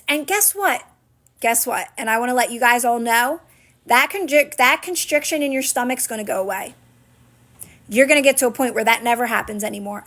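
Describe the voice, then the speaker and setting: High-voiced encouraging woman coach. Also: a bit bright. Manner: earnest and encouraging, leans on "right?" and "guess what?". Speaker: manifestation coach. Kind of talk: live-stream talk answering viewers' comments.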